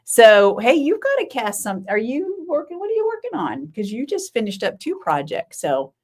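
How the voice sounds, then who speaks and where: A woman's voice: a little high, wildly swooping pitch, moderate pace. A middle-aged woman hosting a casual live-stream, chatting and rambling, often laughing and answering viewers by name. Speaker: knitting podcast host.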